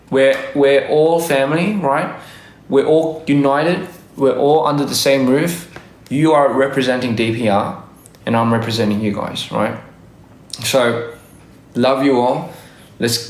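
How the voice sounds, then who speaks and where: A man chatting loosely on a phone livestream, rambling and restarting often. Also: medium pitch. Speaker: livestream host. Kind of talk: casual livestream chat. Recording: roomy echo.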